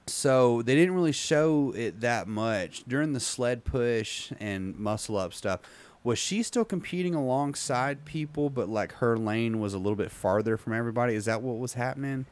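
A man hosting a casual podcast, rambling with many ums and reading an article aloud haltingly. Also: medium pitch, animated. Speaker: podcast host.

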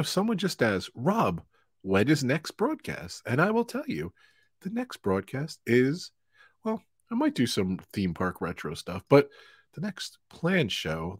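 A man's voice: medium pitch, slightly rough, no echo, clean studio sound. A man hosting a live stream from home, chatting casually and laughing often as he wraps up the show. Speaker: livestream host. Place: home in New York.

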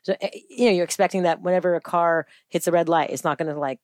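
A woman in her thirties talks casually as an interview guest, with a fairly low voice. She strings her thoughts together with plenty of "like" and slips into lively voices when she quotes people. The sound is dry and close. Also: fast, no echo. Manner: chatty, many "like" fillers, acts out quotes in lively voices.

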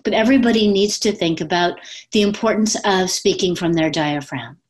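A woman speaking coach talking casually to her camera at home, with lots of fillers and quick demonstrations of different voices. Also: lowish voice. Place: at home with pets. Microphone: webcam.

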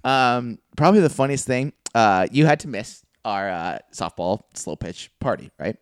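A man's voice: medium pitch, lively intonation, moderate pace, no echo. Profane rambling guy with a dry close mic. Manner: rambling, profane, laughs at own jokes. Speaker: podcast co-host. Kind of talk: casual chat, storytelling.

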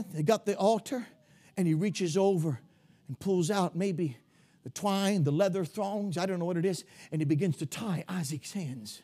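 A man preaching a sermon with fervor, often rising into shouts and peppering his speech with "uh". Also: sits high. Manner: fervent, swelling into shouts, many "uh" fillers.

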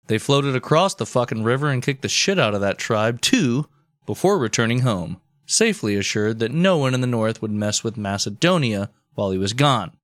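A man co-hosting a podcast, narrating history with deadpan delivery and crude asides. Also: medium pitch, normal speed, dry recording, clean studio sound. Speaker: podcast co-host.

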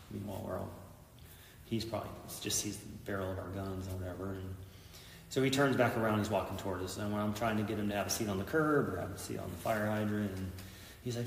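A middle-aged man with a fairly low voice tells an intense story in an interview and acts out the lines people spoke. He is recorded from a distance in a room with a long, echoing reverb. A faint noise sits behind him. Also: fairly even intonation, fast, gravelly. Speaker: police officer, guest.

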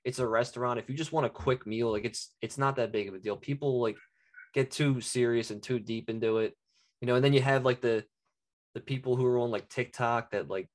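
A man co-hosting a laid-back podcast, with a mid-range voice. He rants in an animated way, full of "like" and casual swearing. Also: medium pitch, fairly quick. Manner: animated, ranting, swears freely. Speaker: podcast co-host. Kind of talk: casual chat.

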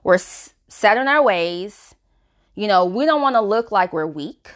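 A woman's voice: mid-range voice, expressive, measured pace. A woman hosting a self-help podcast, talking frankly and casually with lots of "you know" fillers. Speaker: podcast host.

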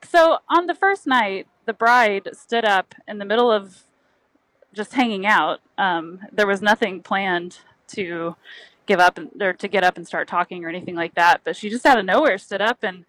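A woman's voice: medium pitch, normal speed, fairly bright tone, no echo, poor audio. A woman in an easygoing, casual chat, often breaking into laughter. Her voice sits in a middle register. It is recorded dry and close, with no room sound.

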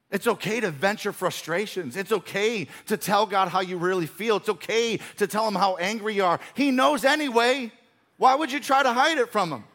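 A man's voice: high voice, a bit bright. A male pastor preaching a sermon in an earnest, emphatic style with repeated phrases.

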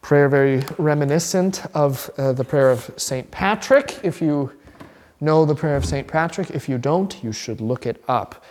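A man's voice: fairly high pitch, unhurried, a little mellow, in a large hall, slight background noise. A middle-aged man, a pastor, teaching a Bible class in a conversational, rambling way with restarts and asides.

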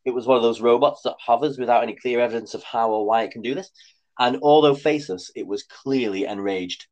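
A man's voice: medium pitch, a little fast, a little mellow, lo-fi sound. A man reading his own comic story aloud with dry, wry asides. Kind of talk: comic scripted narration.

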